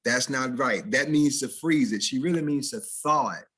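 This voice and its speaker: He speaks at a moderate pace with a medium pitch and a breathy edge, instructing someone in standard American diction via video call. His corrections come with animated, mock-playful impressions of the errors.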